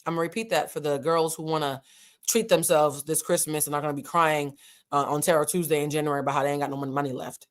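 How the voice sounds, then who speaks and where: A woman's voice: sits low, fairly even intonation, fast talker. Woman host for a chatty reality TV recap, frank and slangy, talks straight to the viewers. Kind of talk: casual commentary.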